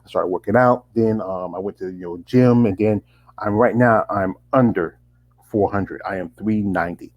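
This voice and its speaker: A man's voice: fairly low pitch, normal speed, muffled recording. Rambling man in his 40s. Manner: rambling, with many restarts and fillers. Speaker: interviewer host. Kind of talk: casual interview chat.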